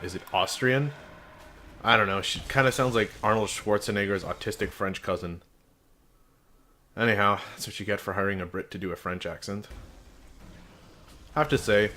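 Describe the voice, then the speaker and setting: A man with a notably deep voice talks through a video game review in a casual way. He is frank and sarcastic, and he slips in dry jokes. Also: pushed and bright, slight background noise.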